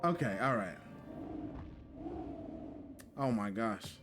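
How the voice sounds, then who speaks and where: A man streaming a game live, talking to his chat in a jokey, excitable way and repeating himself when flustered. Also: fairly high pitch, normal speed, pauses often, over music. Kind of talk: live gameplay commentary.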